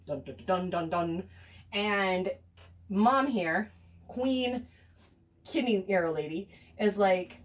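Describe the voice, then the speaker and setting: Lively sarcastic American woman. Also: medium pitch, slow pace, pauses often, recorded from a distance. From United States. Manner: chatty and sarcastic, many fillers and whispered asides. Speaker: teacher explaining a film. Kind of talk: casual movie recap.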